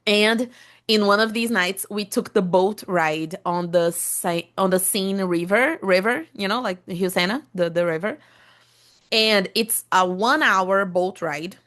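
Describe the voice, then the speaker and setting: A woman's voice: mid-range voice, measured pace, fairly bright tone. A young woman with a Brazilian Portuguese accent, a native Portuguese speaker, chatting enthusiastically as a podcast host, with many fillers and restarts. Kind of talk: casual podcast monologue for English learners.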